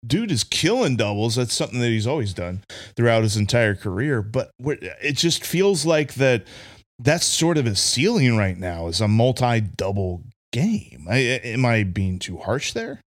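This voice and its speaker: Man, podcast co-host, casual sports chat, jokey, mid pitch. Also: lively intonation, moderate pace. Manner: chatty, joking, trails off and restarts.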